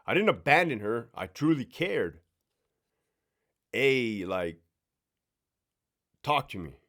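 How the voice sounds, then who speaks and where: Man telling a story, slangy and hushed. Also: medium pitch, sing-song, slow pace. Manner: slangy and profane, tags lines with "right?", drops to hushed tones. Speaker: prison officer and crisis negotiator telling a story. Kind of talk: casual spoken storytelling.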